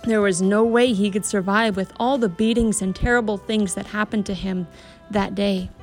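A woman teaching a Bible story to children, speaking gently and emphatically with a lot of rise and fall in her voice. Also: medium pitch, fairly even intonation, moderate pace, faint music behind.

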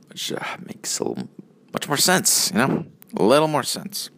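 A man's voice: mid-range voice, wildly swooping pitch, moderate pace, creaky, a bit bright. A man in his early twenties giving a rambling, profane solo monologue as a vlogger, often interrupting himself. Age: early 20s. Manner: profane, meandering, self-interrupting.

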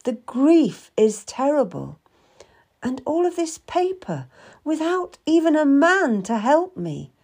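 A woman voicing a grieving Puritan widow, soft and earnest, in an audiobook reading. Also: sits high, big pitch swings, takes it slowly, pitched above the performer's own voice, heavily acted. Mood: sorrowful. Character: grieving Puritan widow, lonely, gentle and shy.

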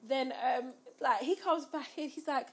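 Animated woman telling a story. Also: high-pitched, measured pace. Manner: animated, acts out quotes with rising squeals. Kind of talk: casual storytelling chat.

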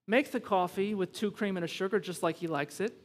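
A high-pitched American man preaches in an emphatic, conversational way, mixing humor with growing urgency. His voice rings out with a long reverb, as if he is in a big church sanctuary. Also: fairly quick. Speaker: pastor. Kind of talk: sermon. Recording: long reverb from a large hall.

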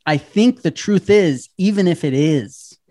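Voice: medium pitch, expressive, measured pace, dark tone. A podcast co-host, talking candidly in casual chat, swearing freely and laughing often.

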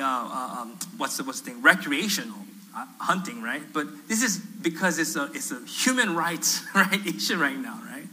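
Male pastor, fairly high, very bright and forceful tone, lively storyteller who acts out quotes with humor. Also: rough recording. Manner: animated, acts out quoted voices, self-deprecating humor. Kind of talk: storytelling sermon. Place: church sanctuary.

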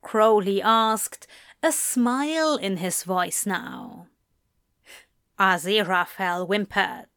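Slow, intimate woman narrator. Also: medium pitch, lively intonation, a bit bright, smooth, no room sound, clean studio sound. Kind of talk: audiobook fan fiction reading.

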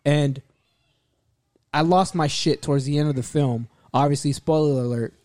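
Animated man with a mellow, dry voice. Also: a little high, normal speed, no echo. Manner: animated, swearing, acts out scenes. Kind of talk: casual movie review chat.

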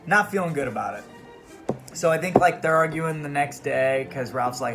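A man's voice: a little high, moderate pace, music in the background. A man hosting a podcast, giving a profane, rambling, comedic book report. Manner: profane, rambling, animated retelling. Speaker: podcast host.

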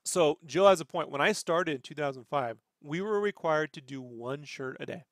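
Gravelly, profane man telling stories. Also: fairly high pitch, animated, moderate pace, dry recording, clean studio sound. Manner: rambling, profane storytelling. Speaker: podcast host. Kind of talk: casual chat.

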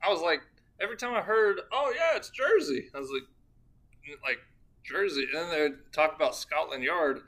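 A man's voice: on the high side, a little fast. A man co-hosting a casual podcast, riffing on jokes and swearing a lot. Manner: animated, profane, riffing on jokes. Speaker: podcast co-host. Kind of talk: casual true-crime podcast chat.

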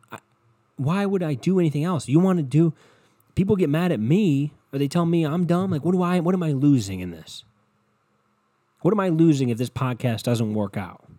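A young man talks straight into his podcast mic from his bedroom, rambling, cursing and working himself up into passionate rants. His voice is dark and mellow, recorded close and dry with no room sound. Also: fairly high pitch, no room sound. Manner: rambling, profane, impassioned. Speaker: podcast host. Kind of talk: solo podcast monologue. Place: bedroom at home.

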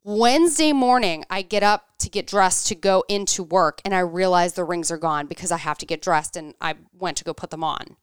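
Crisp-voiced woman telling a story. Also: on the low side, normal speed, few pauses, dry recording, clean studio sound. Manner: animated, acts out quoted dialogue. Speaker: podcast co-host. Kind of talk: casual storytelling chat.

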